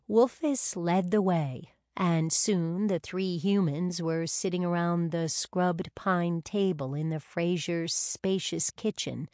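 A woman reads a novel aloud in a measured, unhurried way. Her voice sits on the low side and her pace is very slow. The recording is dry and close with no room sound. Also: darkish tone, dry recording. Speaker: audiobook narrator. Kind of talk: scripted narration.

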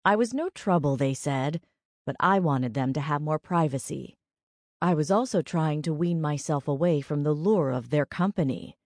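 A woman narrating an audiobook in a measured, even storytelling manner. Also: deep voice, no room sound, studio quality. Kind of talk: scripted narration.

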